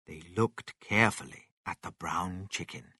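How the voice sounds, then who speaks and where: A man reading a children's story aloud with slow, expressive narration. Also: deep voice, breathy edge, dry recording, studio quality.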